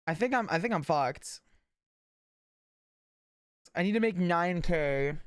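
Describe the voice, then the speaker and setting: A woman's voice: lowish voice, lively intonation, slow, no echo, studio quality. A woman livestreaming, chatting casually with her viewers in a blunt, rambling way and swearing often. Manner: blunt, swears a lot, rambles and talks to chat.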